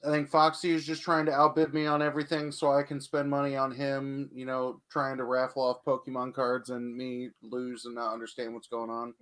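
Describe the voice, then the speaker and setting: A man's voice: medium pitch, completely flat delivery, brisk, hardly any pauses, fairly bright tone. A man hosting a live comic book auction stream, chatty and joking, who swears casually.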